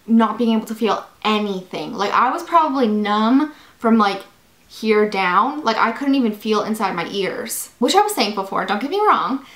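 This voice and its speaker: A woman's voice: fairly high pitch, roomy sound. A young woman vlogger telling a personal story in a chatty, casual way, full of fillers. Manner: chatty, animated, lots of fillers.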